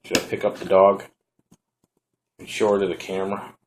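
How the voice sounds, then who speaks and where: A man giving a relaxed, rambling hands-on product review at home, talking to the camera as he shows the device. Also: low-pitched, normal speed.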